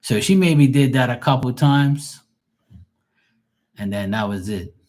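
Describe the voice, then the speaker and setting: A man's voice: medium pitch, a little slow, darkish tone. A man who reads tarot, chatting casually on a livestream and telling stories in a blunt, profane way. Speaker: tarot reader and medium.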